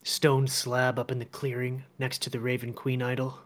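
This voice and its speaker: A woman's voice: extremely low pitch, completely flat delivery, normal speed. A woman playing in a tabletop game, blunt and joking. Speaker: player. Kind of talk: casual tabletop role-play.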